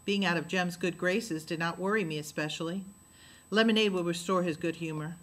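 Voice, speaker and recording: A woman reading a novel aloud, with steady storytelling and lowered dialogue tags. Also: brisk. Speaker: narrator.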